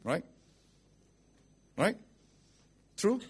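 A man's voice: mid-range voice, lively intonation, normal speed, husky. A man preaching a sermon as pastor, blunt and rhetorical, often asking "okay?" and "right?".

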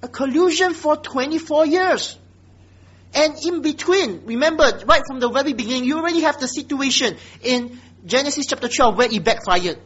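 A man preaching a sermon, emphatic, often dropping to low, quiet exhortation. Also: lively intonation, fairly quick, breathy edge. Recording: dull lo-fi sound.

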